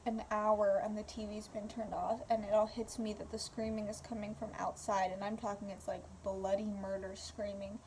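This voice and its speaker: A woman's voice: medium pitch, little pitch movement, normal speed, hardly any pauses, darkish tone, slight background noise. A young woman casually telling a story to camera at home, rambling with fillers and swearing. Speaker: vlogger. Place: home room.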